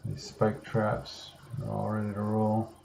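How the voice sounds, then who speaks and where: A man's voice: fairly low pitch, monotone, measured pace, vocal fry, darkish tone, slight background noise. A man casually talking through a game he is playing, muttering and swearing to himself. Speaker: gamer. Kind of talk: casual gameplay commentary.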